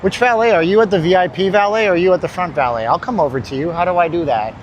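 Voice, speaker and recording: A tired, somewhat winded man walks and talks through a casual livestream, rambling and joking with his viewers. His voice sits a bit high. It is picked up by a handheld phone with loud street noise around him. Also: fast talker, dull audio. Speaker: livestream host. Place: city street outdoors. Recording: phone mic on a noisy street.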